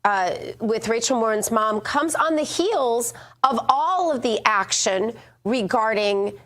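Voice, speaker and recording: A woman co-hosts a morning political talk show. She speaks in an animated, opinionated way, with plenty of fillers. Her voice sits a little high. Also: slow. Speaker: co-host.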